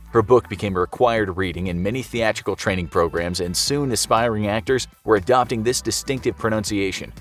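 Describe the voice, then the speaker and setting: Man narrating over soft music. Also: fairly low pitch. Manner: conversational, asks rhetorical questions. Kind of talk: scripted explainer narration. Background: soft background music.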